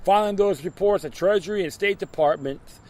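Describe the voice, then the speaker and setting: A man's voice: high voice, a little fast, darkish tone. A man reading political news aloud and breaking off into sarcastic, mocking commentary, often tripping over his words.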